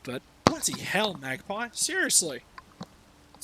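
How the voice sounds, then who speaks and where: A man's voice: mid-range voice, measured pace, pauses often, background noise. An Australian man chatting casually over his gameplay stream, rambling and swearing with sarcastic asides.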